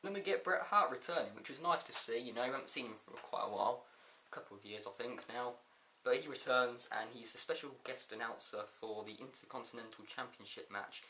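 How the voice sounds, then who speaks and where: A man's voice: medium pitch, brisk, sharp tone, echoey room, a little hiss or hum. A man casually reviewing a wrestling show, laughing often and rambling through a recap with quoted lines.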